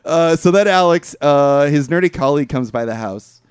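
A man tells a movie's plot in loose, rambling podcast chat, full of fillers and restarts. His voice sits a bit high for a man and swings widely in pitch as he goes. The sound is close and dry, with no room around it. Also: moderate pace, smooth, dry recording. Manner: rambling, animated storytelling with many fillers. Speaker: podcast co-host. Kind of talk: casual movie recap chat.

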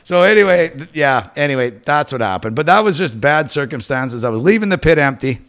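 A man's voice: on the high side, animated, fairly quick, fairly bright tone. A middle-aged man hosting a podcast, telling a rambling, profane story in casual chat. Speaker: podcast host.

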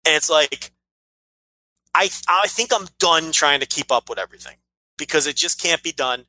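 Male podcast co-host, bright tone, dry close sound, blunt rambling talker. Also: on the high side, lively intonation, normal speed, dry recording, rough recording. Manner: rambling, blunt, swears freely. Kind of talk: casual wrestling podcast chat.

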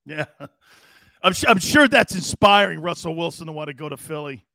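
Brash, gravelly sports talk host. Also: male voice, fairly high pitch, lively intonation, brisk, pushed and bright, no echo, studio quality. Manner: brash, mocking, profane. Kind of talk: sports talk show rant.

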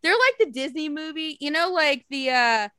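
A woman co-hosting a casual chat, telling lively stories, swearing freely and acting out quotes. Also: high voice, moderate pace, dry recording, studio quality. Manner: animated storytelling, swears freely, acts out quotes. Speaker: podcast co-host.

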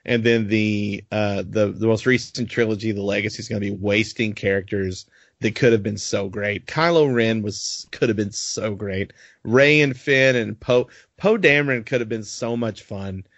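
A man co-hosting a casual podcast chat, ranting in an animated, profane way and laughing often. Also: on the low side, normal speed, no room sound. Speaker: podcast co-host. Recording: dull lo-fi dry recording.

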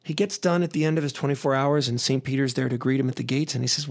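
A man's voice: medium pitch, fast talker, gravelly, hardly any pauses. A man telling a long joke in a loose, rambling way, with fillers and restarts.

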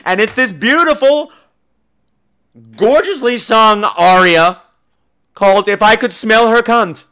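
A man's voice: high voice, slow, long pauses, sharp tone, clear, resonant tone. A man hosting a podcast, ranting in a comic, profane way and acting out quotes in exaggerated voices, with a New York accent. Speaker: podcast host. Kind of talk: comedic podcast rant.

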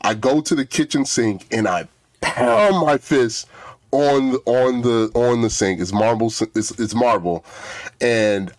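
A man's voice: mid-range voice, fairly even intonation, measured pace, a little mellow, no echo. A young man on a podcast telling a story in casual chat, rambling and often restarting. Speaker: podcast co-host, producer.

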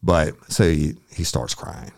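Very deep gravelly man. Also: lively intonation, takes it slowly, a little mellow, no echo, clean studio sound. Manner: profane, blunt, acts out the voices of others. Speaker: former sheriff's deputy telling a story. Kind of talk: casual storytelling.

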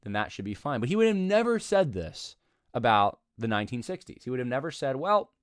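A man reading aloud from an article and critiquing it in an argumentative, animated way, breaking in with asides and short laughs. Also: mid-range voice, brisk, no room sound, clean studio sound. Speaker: commentator.

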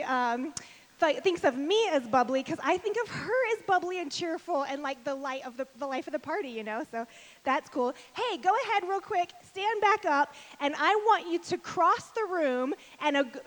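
High-voiced fast-talking woman speaker. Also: expressive. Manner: fast-talking, chatty and self-deprecating. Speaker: speaker at a women's event. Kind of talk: lively stage talk to an audience.

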